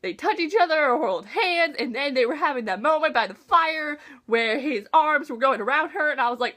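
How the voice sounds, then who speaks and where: A woman's voice: high voice, expressive, normal speed, hardly any pauses, pushed and bright. A young woman talking casually and emotionally about a book she read, gushing and using slang. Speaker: book reviewer. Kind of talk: casual book talk vlog.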